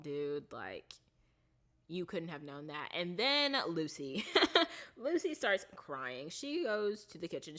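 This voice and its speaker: In a low-pitched voice, a woman vlogger chats casually through a TV series recap, rambling with fillers and restarts. She softens her tone when the story turns sad.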